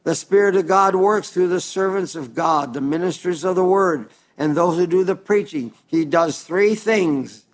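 A man preaching a sermon in an earnest, plain-spoken way, reading scripture aloud slowly and calling his listeners dear friends. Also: sits high.

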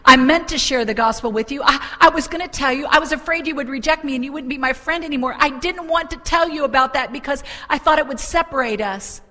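Woman preacher doing a stammering, high-pitched middle-aged lady full of regret, long hall echo. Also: fast talker, hardly any pauses, pushed and bright. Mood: remorseful. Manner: stammering, anguished. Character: remorseful middle-aged woman confessing to a friend.

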